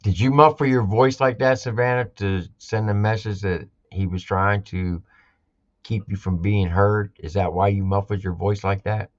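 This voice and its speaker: A man's voice: on the low side, fairly even intonation, normal speed, muffled recording. A man hosting a live album reaction, talking casually and emphatically and repeating his points.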